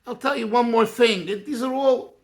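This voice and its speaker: A man, a Yiddish speaker, reminiscing in a personal talk as a rabbi, earnest and halting with many restarts. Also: extremely high pitch. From United States.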